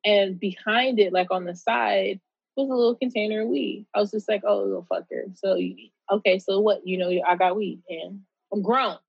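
A woman's voice: medium pitch, steady tone, moderate pace, vocal fry, breathy edge, no room sound, muffled recording. A woman guest telling a casual, candid story in an interview, swearing freely and retelling it with animation.

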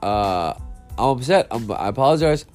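In a live reaction and apology, a man hosting a sports betting podcast, his nose stuffed up, vents his frustration with profanity. His medium-pitched voice is expressive and slightly mellow at a normal speed, while faint music plays underneath.

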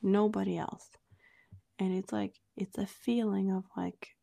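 A woman with a husky, gravelly voice tells a story in a relaxed, chatty way. Her tone is dark and mellow, and she fills her talk with "like"s while acting out what each person said. She sounds like a podcast co-host in easy conversation. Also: mid-range voice, measured pace, no room sound. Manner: chatty, many "like"s, acts out quoted dialogue. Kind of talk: casual storytelling chat.

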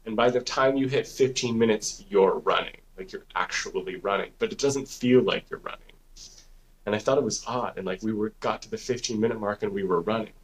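A podcast co-host with a lowish male voice tells a story quickly, with a slight hiss or hum in the recording. His delivery is rambling and casual, full of swearing and constant "like" and "dude."

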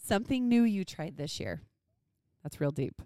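A woman in her thirties co-hosting a casual podcast chat, joking and steering the talk with questions, her voice a bit deep from being sick. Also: animated, normal speed, warm tone, smooth, no echo, clean studio sound. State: sick voice, deeper than usual. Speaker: podcast co-host.

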